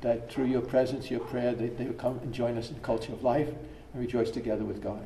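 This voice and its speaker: A man's voice: medium pitch, fairly even intonation, brisk, heavy background noise. A man, a priest, telling stories to an audience in an earnest way, often repeating words and restarting. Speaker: priest giving a workshop talk. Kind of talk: storytelling talk to an audience. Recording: echoey hall from far off.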